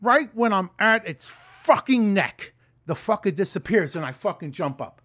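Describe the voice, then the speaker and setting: Man, animated and swearing a lot, talking straight into a close mic, dry sound. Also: sits high, moderate pace, no echo. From New York. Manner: profane, animated storytelling. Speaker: vlogger. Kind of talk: casual storytelling vlog. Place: room at home. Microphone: close mic in front.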